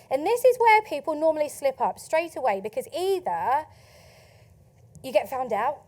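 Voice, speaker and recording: A woman with an Essex accent giving a lively, chatty conference talk, asking the audience questions and laughing often. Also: high voice. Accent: Essex English. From England. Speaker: conference speaker. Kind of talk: keynote talk to a live audience. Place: conference stage.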